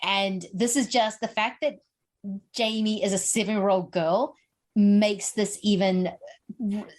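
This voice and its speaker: A woman's voice: mid-range voice, a little slow. Chatty woman podcast host. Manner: chatty, animated, swears for emphasis. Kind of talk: casual chat.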